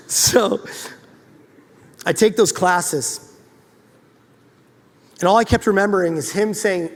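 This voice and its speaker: A man giving a motivational talk to a live audience at a chiropractic event, telling a story in an animated, joking, self-deprecating way. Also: sits high, normal speed, pauses often. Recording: long hall reverb.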